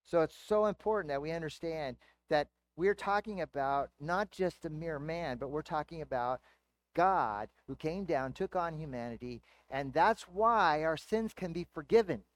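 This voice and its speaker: Pastor, man, slightly high voice, chatty teaching sermon with rhetorical questions, dry sound. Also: lively intonation, moderate pace, no echo.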